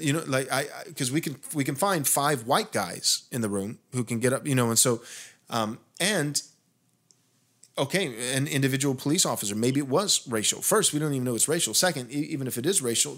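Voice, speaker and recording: A man's voice: medium pitch, a bit bright. A man hosting a podcast discussion, telling a long rambling story full of restarts and fillers, growing emphatic as he goes. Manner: grows heated and emphatic. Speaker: pastor and podcast host.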